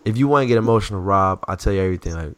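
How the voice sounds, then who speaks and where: A man chatting casually about sports as a podcast co-host, telling stories in an animated, slangy way. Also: low voice, racing, no room sound.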